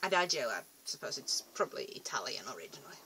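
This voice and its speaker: A woman's voice: on the low side, lively intonation, moderate pace, fairly bright tone, a little hiss or hum. A young woman rambling casually to camera in a vlog, chatty and self-deprecating, often trailing off and restarting. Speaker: vlogger.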